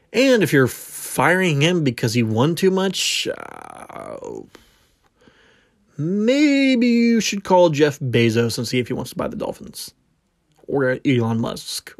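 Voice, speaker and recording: A man's voice: mid-range voice, dry recording, studio quality. A man hosting a solo sports podcast, talking casually, bluntly and with opinions, drifting off on tangents and catching himself. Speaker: podcast host.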